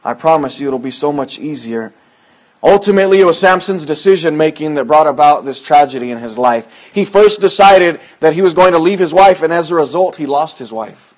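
A man preaching a sermon in a folksy, conversational way, quoting scripture and swinging from loud emphatic lines to hushed asides. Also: a little high, lively intonation, fairly quick. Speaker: pastor.

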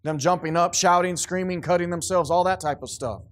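A man delivers a sermon from the pulpit with a fairly high voice. He preaches emphatically, often restarting his sentences. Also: brisk. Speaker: pastor.

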